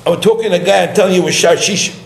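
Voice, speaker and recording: Animated middle-aged rabbi with a gravelly voice. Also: male voice, sits high, very fast. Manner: animated, acts out the dialogue. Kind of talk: sermon storytelling. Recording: echoey room, faint background hum.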